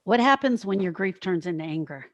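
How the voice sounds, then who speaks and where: A woman's voice: lowish voice, expressive, a little fast, muffled recording, faint music behind. A middle-aged woman co-hosting a podcast, talking in a reflective way and thinking aloud in casual conversation. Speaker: podcast co-host, grief specialist.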